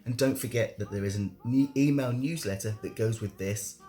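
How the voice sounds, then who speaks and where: A young man chats to his camera in a candid monthly vlog, joking about himself as he goes. His voice sits a little on the low side. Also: moderate pace, hardly any pauses, mellow, soft background music. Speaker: vlogger.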